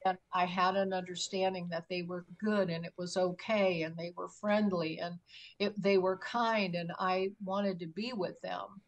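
This middle-aged woman's voice is fairly low, with fairly even intonation and a normal speed. As a talk show guest, she recounts her experience in conversational storytelling, emphatic and acting out her pleas.

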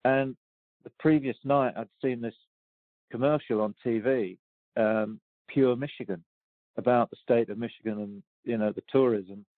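This golf champion in his sixties has a medium-pitched, steady voice and a moderate pace as he shares stories in a relaxed interview. He's hesitant, with lots of ums and restarts, and laughs readily, all over a dry, tinny phone line.

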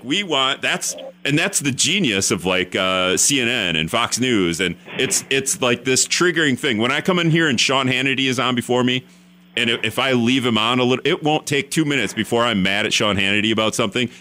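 A man's voice: medium pitch, bright, forceful tone. A man hosting a radio talk show, rambling and self-deprecating with many restarts.

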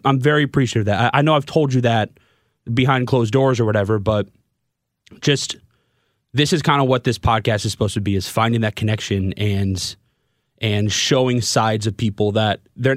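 A man's voice: medium pitch, dry recording. Twenties guy hosting a podcast, stammery and emotional, dry close sound. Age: 20s. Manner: halting, stammering and openly emotional. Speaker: podcast host and radio broadcaster. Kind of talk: candid podcast conversation.

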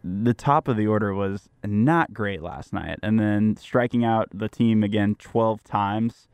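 A young man co-hosting sports talk radio. His voice is lowish and smooth, and he reels off stats in a measured way. The studio sound is dry. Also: darkish tone, dry recording. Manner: stat-heavy, measured.

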